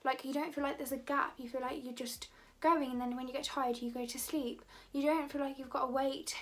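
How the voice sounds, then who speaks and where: Chatty high-voiced woman vlogger. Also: fairly even intonation, a little fast. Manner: rambling, chatty, many "like" fillers. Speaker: beauty vlogger. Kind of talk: casual chat to camera.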